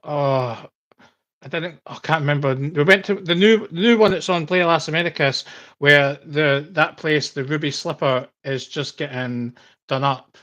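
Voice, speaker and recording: A man's voice: a little high, normal speed, fairly bright tone. A man hosting a podcast in casual chat, rambling and laughing often. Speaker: podcast host.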